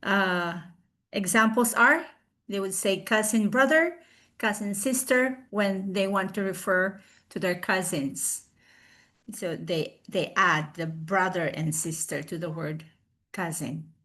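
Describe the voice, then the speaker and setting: Slow-talking woman presenting a lesson. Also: medium pitch, fairly bright tone. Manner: slow, explanatory, with many fillers and restarts. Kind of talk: recorded online class presentation. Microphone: video call.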